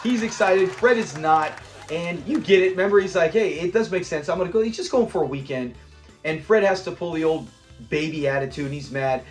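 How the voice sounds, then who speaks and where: A man's voice: a little high, fairly quick, faint music behind. A man hosting a casual episode breakdown. He talks with enthusiasm and acts out the lines he quotes. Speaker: show host.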